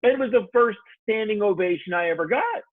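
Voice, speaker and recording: Brief: earnest male coach guest, husky voice, tinny phone-line sound. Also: sits high, expressive, fairly quick, no echo. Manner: earnest, heartfelt, frequent restarts. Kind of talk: podcast interview.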